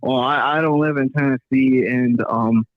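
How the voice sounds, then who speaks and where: A man's voice: mid-range voice, steady tone, moderate pace, no room sound, phone-quality sound. A man calling in to a live show, hesitant and filling gaps with ums. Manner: hesitant, with many fillers. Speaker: caller. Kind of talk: casual call-in chat.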